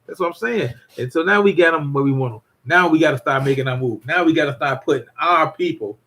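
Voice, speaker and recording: A man's voice: a little high, fast talker, fairly bright tone. An older man hosting a casual livestream, rambling and repeating himself while greeting viewers. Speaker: livestream host.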